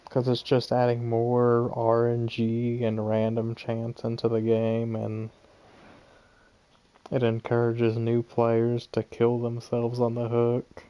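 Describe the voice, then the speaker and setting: A man's voice: medium pitch, dark tone, highs cut off. A man giving casual commentary while streaming a game, chatty and complaining about his luck. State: tired, yawning. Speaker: gaming streamer.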